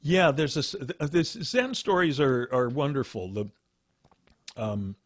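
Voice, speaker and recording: A man's voice: medium pitch, takes it slowly, no echo. Man teaching meditation, chatty storytelling, laughs a lot, dry close mic. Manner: animated storytelling with laughs and asides. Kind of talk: casual spiritual talk.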